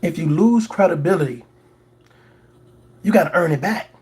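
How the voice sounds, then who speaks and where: A man's voice: fairly high pitch, animated, normal speed, darkish tone. Preachy man hosting commentary. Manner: preachy, repeats words for emphasis, mocks in put-on voices. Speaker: commentary channel host. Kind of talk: reaction commentary.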